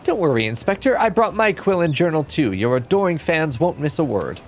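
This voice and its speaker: A man's voice: fairly high pitch, sing-song, fairly quick, soft background music, pitched above the performer's own voice. A man voicing an eager, cheerful young female assistant in a raised, chirpy voice.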